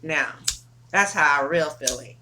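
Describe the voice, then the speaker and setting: A woman's voice: low voice, lively intonation, measured pace, bright, forceful tone, a little hiss or hum. A woman tarot reader talking casually to camera, blunt, emphatic and full of swearing.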